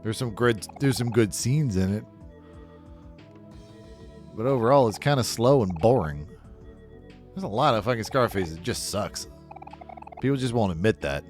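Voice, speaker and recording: A man's voice: fairly low pitch, animated, moderate pace, pauses often, darkish tone, faint music behind. A man casually commentating his own game playthrough, rambling and swearing freely as he gives blunt opinions. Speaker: gaming video host. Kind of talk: casual let's-play commentary.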